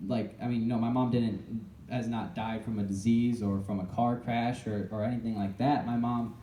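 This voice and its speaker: A young man giving an earnest personal testimony to an audience, halting and often restarting his sentences. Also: mid-range voice, fairly even intonation, warm tone. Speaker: speaker telling his own story. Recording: echoey room, voice picked up from a distance.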